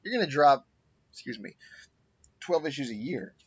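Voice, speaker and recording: A man's voice: medium pitch, big pitch swings, normal speed, breathy edge, lo-fi sound. A man co-hosting a podcast, chatting casually in a laid-back way and swearing freely. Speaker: podcast co-host. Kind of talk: casual chat.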